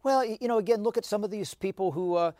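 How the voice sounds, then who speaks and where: A man explaining politics as a guest analyst, talking quickly with stammered restarts and many "you know" fillers. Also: high voice, darkish tone, no room sound, clean studio sound.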